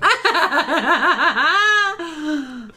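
A woman's voice: high-pitched, lively intonation, very slow, bright, forceful tone, soft background music. A woman co-hosting a movie reaction, exclaiming, laughing and swearing as she watches. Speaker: co-host of a movie reaction channel. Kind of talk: excited movie reaction commentary. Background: film soundtrack playing.

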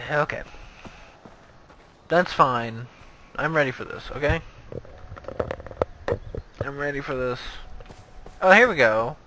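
A young man playing a video game and commenting in a sarcastic, excitable, self-mocking way. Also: mid-range voice, slow, long pauses, noisy background. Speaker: gaming video host. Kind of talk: let's play commentary.

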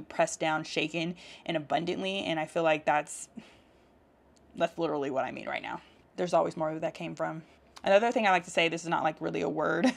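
A woman with a somewhat low voice talks casually through uplifting affirmations. She laughs easily and keeps an encouraging, chatty tone. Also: gravelly. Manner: warm encouraging, laughs often, speaks affirmations aloud. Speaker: self-help vlogger.

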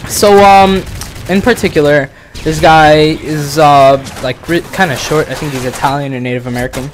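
Young man from the Bronx, slightly high voice, loose profane rambling storytelling. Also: fairly even intonation, normal speed, slight background noise. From the Bronx, New York. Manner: rambling, profane, heavy with fillers and restarts. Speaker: vlogger, channel host. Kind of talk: casual storytelling commentary.

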